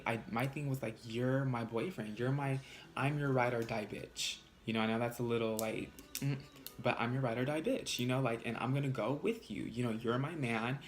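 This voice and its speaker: Young guy vlogger, sassy and blunt, mid-pitched voice, casual storytime delivery. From California. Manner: animated, sassy, swears freely.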